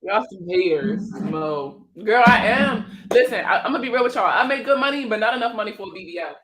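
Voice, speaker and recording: Host, female, 30s, Maryland accent; bright voice, laughs easily, loose and talkative. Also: fairly high pitch, rapid-fire, poor audio. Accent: Prince George's County, Maryland. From Maryland, USA. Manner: laughs a lot, chatty and joking. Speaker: host of a credit advice livestream. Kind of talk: casual livestream chat.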